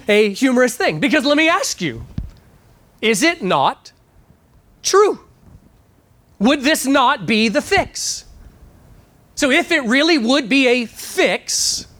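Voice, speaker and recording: A man preaching a live sermon, moving from a hushed opening prayer into lively storytelling and emphatic questions. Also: extremely high pitch. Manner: prayerful then animated storytelling, rising to emphatic shouts. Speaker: pastor. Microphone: live church microphone.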